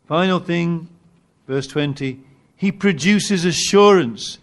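Animated, lively-pitched male preacher. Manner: animated, rising to emphatic peaks; halting restarts while finding words. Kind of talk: sermon.

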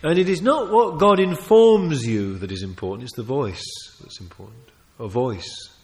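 A man preaching a sermon, emphatic and animated, often restarting his phrases and adding asides. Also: medium pitch, moderate pace. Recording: long reverb of a large hall.

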